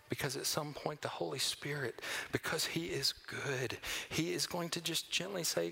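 A man preaching a sermon as pastor, swinging between loud emphatic lines and hushed near-whispers. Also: on the high side, moderate pace, vocal fry, hardly any pauses, slight background noise.

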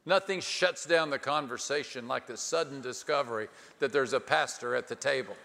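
A male pastor preaching a storytelling sermon with dry humor, dramatic pauses and swings from hushed to loud. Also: mid-range voice, vocal fry. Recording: long hall reverb.

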